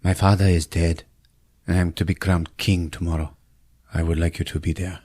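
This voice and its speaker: A man voicing a solemn young prince about to be crowned, quiet and earnest. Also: low voice, flat delivery, normal speed, dry recording, studio quality, pitched below the performer's own voice.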